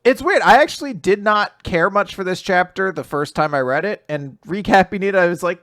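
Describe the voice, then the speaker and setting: A man's voice: high-pitched, normal speed, fairly bright tone, no room sound, studio quality. A man casually recapping comics, swearing freely and acting out quotes in goofy voices. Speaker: podcast co-host recapping manga.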